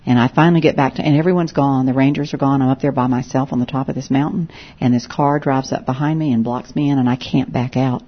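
A woman's voice: rumbling low, fast talker, slightly rough, muffled recording. A woman evangelist telling stories of her encounters, acting out the dialogue as she goes. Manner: lively storyteller, acts out quoted dialogue. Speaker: Christian evangelist speaking to a group. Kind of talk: storytelling testimony.

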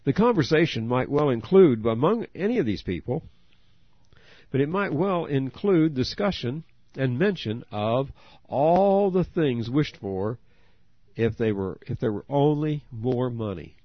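A man's voice: mid-range voice, lively intonation, a little slow, no room sound. A man preaching a sermon, earnest, asking his listeners direct questions. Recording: dry, dull lo-fi audio.

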